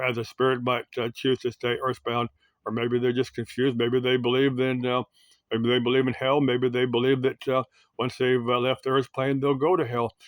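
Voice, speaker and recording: Casting: male host, rambling solo commentary, halting delivery, mid pitch, dry close sound. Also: no room sound. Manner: halting, full of uhs and restarts, musing aloud.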